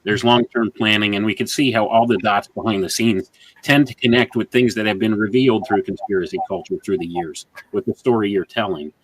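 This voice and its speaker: A man's voice: on the low side, fairly even intonation, fairly quick, breathy edge, rough recording. A man hosting a religious interview, speaking earnestly and with a preacher's emphatic repetition into a home microphone. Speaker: host. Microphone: home microphone with adjustable gain.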